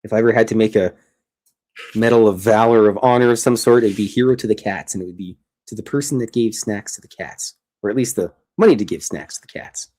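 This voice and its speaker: Streaming casually from his home art studio, a male host talks while drawing, rambling chattily and breaking off mid-sentence. He speaks fast in a fairly low, darkish voice.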